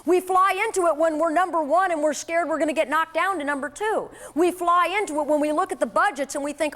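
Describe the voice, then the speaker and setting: A woman giving a motivational sales talk to an audience, telling a lively personal story in a conversational way. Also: extremely high pitch, brisk, few pauses. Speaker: sales trainer.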